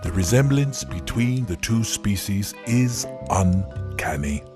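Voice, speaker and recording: A solemn, hushed nature-documentary narrator, as a man puts on the voice, speaks in a low, measured tone for a parody wildlife film. Clear music plays beneath every word. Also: animated.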